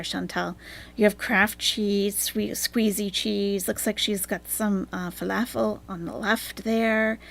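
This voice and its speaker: Sarcastic woman with a gravelly voice. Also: mid-range voice. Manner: sarcastic, drops into asides and whispers. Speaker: reaction streamer. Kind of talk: live reaction commentary.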